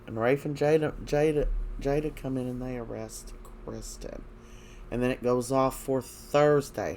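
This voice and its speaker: A man giving a casual recap of soap opera episodes, hesitant, with many fillers and frequent throat clearing. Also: medium pitch, fairly even intonation, unhurried, a little mellow, slight background noise.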